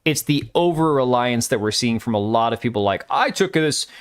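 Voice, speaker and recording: A man's voice: mid-range voice, fairly quick, clear, resonant tone. Male live streamer, casual and blunt; crude, opinionated riffing with chat.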